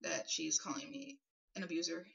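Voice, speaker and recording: Brief: man in his twenties, sharp bright tone, blunt and indignant, dull lo-fi sound. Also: fairly high pitch, normal speed, vocal fry, slightly rough. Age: 20s. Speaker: vlogger. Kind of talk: defensive vlog rebuttal. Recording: dull lo-fi recording.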